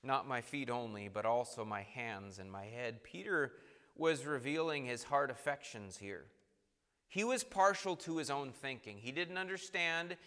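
A man preaching a sermon, moving between quiet asides and emphatic bursts and acting out the voices of the people in his text. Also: mid-range voice. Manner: acts out quoted voices, swings between soft and emphatic. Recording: long hall reverb.

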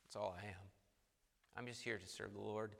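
A man preaching a sermon, moving between quiet asides and emphatic bursts and acting out the voices of the people in his text. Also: on the low side, fairly even intonation, normal speed, creaky. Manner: acts out quoted voices, swings between soft and emphatic. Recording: long hall reverb.

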